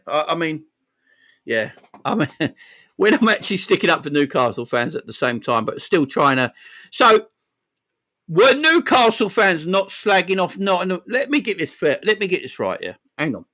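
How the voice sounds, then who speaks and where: A man's voice: sits high, pushed and bright. A young man with a London East End accent, hosting a football live stream and chatting back to his viewers, repeating phrases and tagging lines with "man" and "yeah". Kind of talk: casual live-stream chat.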